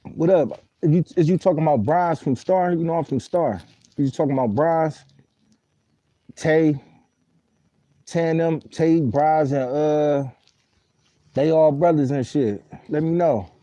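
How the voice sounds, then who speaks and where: A man's voice: fairly high pitch, a little slow, long pauses, mellow, no echo, rough recording. A man casually telling a story on a live stream, rambling in heavy street slang and cursing while he answers viewer comments. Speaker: livestream host.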